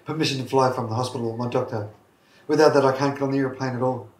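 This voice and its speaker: A man's voice: mid-range voice, steady tone, fast talker. A man speaking candidly from his bed in a documentary, blunt and prone to swearing, his speech effortful. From Australia. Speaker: documentary subject. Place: indoors, lying in bed. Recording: echoey room with faint noise.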